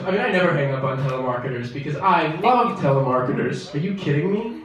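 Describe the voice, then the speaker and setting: A young man doing a stand-up comedy set in a comedy club, wry and self-deprecating, bursting into loud outbursts. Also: fairly high pitch, lively intonation, brisk. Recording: echoey club from far off, crowd noise.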